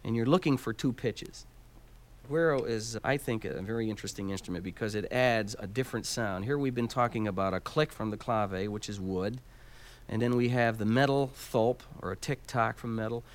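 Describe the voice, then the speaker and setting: Counting beats aloud, a man demonstrates Latin percussion and explains each instrument in turn. He speaks at a moderate pace in a fairly low voice, with loud background noise in the recording.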